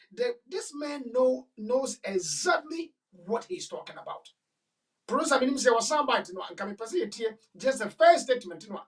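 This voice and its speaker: A woman's voice: mid-range voice, far from the mic, rough recording. A woman with a Ghanaian accent hosting a talk show, giving emphatic, repetitive commentary that slips into Twi. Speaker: show host.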